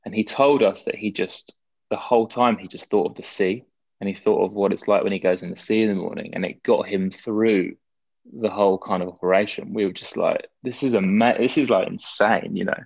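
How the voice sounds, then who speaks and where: Deep gravelly young man, rambling chat. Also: fairly even intonation, a little fast, a little mellow, dry recording. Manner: rambling, many fillers and restarts. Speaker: guest. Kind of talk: casual interview chat.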